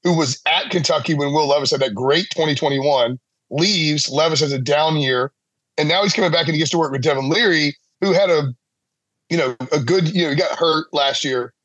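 A male sportswriter chatting as a podcast guest. His voice sits a little high, and he rambles in a self-deprecating way, laughing often. The recording is dry and close. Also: fairly quick, fairly bright tone, no room sound. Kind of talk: casual sports chat.

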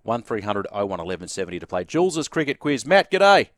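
A man's voice: fairly low pitch, sing-song, a little fast, no room sound, clean studio sound. A man with an Australian accent hosting a sports radio quiz and chatting easily with callers in a jovial way. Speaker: radio host.

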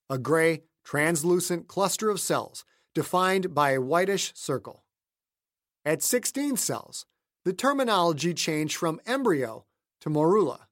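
A man's voice: a little high, no echo. Man narrating a thriller audiobook, dry sound. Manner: measured, steady storytelling delivery. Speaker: author narrating his own novel.

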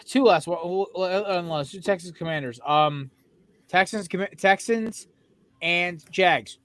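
A man's voice: high-pitched, slow, a bit bright. A young man co-hosting a podcast, ranting heatedly and profanely in casual sports chat. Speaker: podcast co-host.

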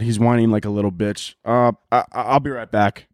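A man's voice: on the low side, lively intonation, normal speed, few pauses, no room sound, studio quality. A man hosting a solo podcast from home, riffing in loose, profane, rambling comic rants. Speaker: podcast host. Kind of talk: casual solo podcast monologue.

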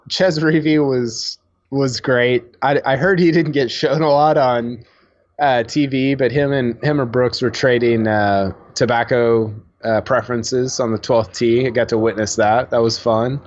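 A man's voice: mid-range voice, lo-fi sound. A man co-hosting a casual sports podcast, chatty and full of fillers and restarts. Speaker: podcast co-host.

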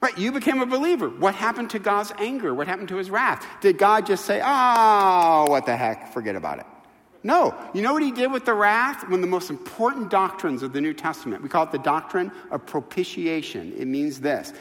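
Guy preaching a sermon, high lively voice, big echoey church hall. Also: fairly quick, hardly any pauses. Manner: animated, emphatic storytelling with rhetorical questions. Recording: reverberant hall.

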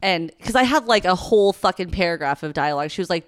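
Young female podcast co-host, low-pitched, rambling and profane storyteller, dry close-mic sound. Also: fast, few pauses, dry recording. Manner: rambling, profane, animated retelling with acted quotes. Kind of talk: casual storytelling chat.

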